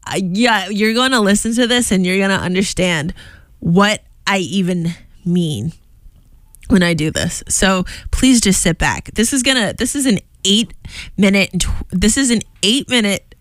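A young woman hosting a college radio show, talking in a gushing, excitable way with frequent laughs. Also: mid-range voice, normal speed, no echo. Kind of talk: casual on-air chat. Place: radio studio. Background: jazz music playing behind.

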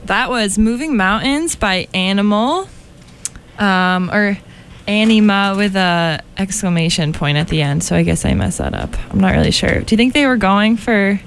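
A young woman hosts a college radio show from the studio, her voice a little worn and hoarse. She talks in a chatty, giggly way and pokes fun at herself, with a faint hiss in the background. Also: medium pitch, normal speed. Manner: chatty, giggly, self-deprecating. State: losing her voice. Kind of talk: casual chat. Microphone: studio microphone.

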